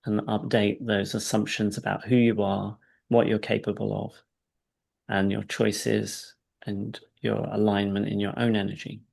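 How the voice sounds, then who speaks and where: A man coaching a client through a guided session, speaking calmly and checking in often with "right?". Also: fairly low pitch, unhurried, creaky, slightly rough. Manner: calm and soft-spoken in guidance, animated when telling stories; frequent "right?" check-ins, laughs between points.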